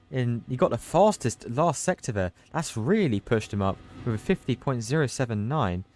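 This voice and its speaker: A man giving live commentary on an online racing qualifying session, chatty and loose, surging with excitement at the big moments. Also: mid-range voice, moderate pace, hardly any pauses. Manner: loose, chatty, with restarts and asides. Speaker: race commentator; team manager. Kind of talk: live esports race commentary.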